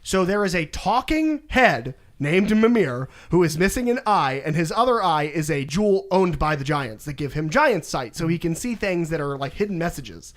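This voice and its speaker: A man's voice: fairly high pitch, big pitch swings, normal speed, hardly any pauses. A young man co-hosting a casual podcast, animatedly retelling a video game story and acting out the characters' lines. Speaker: podcast co-host.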